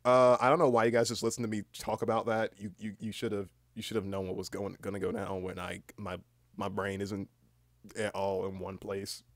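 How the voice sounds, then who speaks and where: A man's voice: on the low side, little pitch movement, moderate pace, no echo. A young man, just woken up, rambling through a casual stream chat with a cracking voice and lots of restarts. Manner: rambling, many fillers and restarts, swears casually. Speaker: livestreamer.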